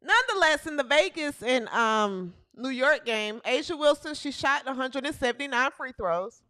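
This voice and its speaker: A woman hosting a comic sports talk livestream, mocking and animated, with exaggerated hollering. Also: sits high, moderate pace, no echo, studio quality. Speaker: show host.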